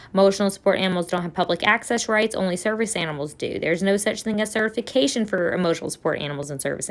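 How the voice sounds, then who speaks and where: A woman talks to her viewers in an earnest, lecturing tone, reading out comments one after another. Her voice sits at an ordinary middle pitch, and her talk is plain commentary rather than performance. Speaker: vlogger, service dog handler.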